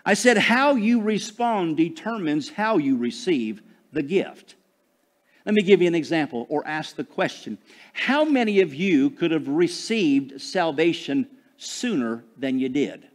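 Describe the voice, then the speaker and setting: A man from Michigan preaching a sermon to his congregation, calling for responses and rising loud on key phrases. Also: sits high. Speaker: pastor.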